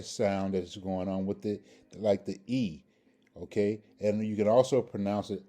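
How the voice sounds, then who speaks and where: Male language teacher, low mellow voice, patient and repetitive, video lesson delivery. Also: fairly even intonation, normal speed. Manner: patient, repeats pronunciations several times with frequent "okay?" checks. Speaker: Hebrew grammar teacher.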